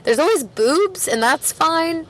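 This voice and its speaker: A Canadian woman with a very high voice speaks slowly but animatedly as a podcast guest. She works at a record store and rambles through the casual interview, chatty, full of fillers and laughter.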